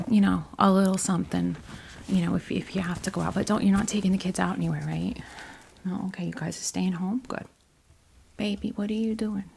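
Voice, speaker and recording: A woman doing a gravelly, doting Jersey grandma in whispered role-play. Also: medium pitch, darkish tone, a little hiss or hum. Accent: New Jersey. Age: 50s. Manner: chatty, fussing, rambling. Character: doting Jersey grandmother reading on a video call.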